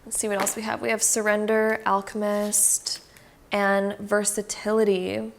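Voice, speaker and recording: A woman's voice: mid-range voice, level tone, a little slow, vocal fry, slight background noise. A woman giving a casual, reassuring tarot card reading, speaking straight to the viewer with frequent fillers.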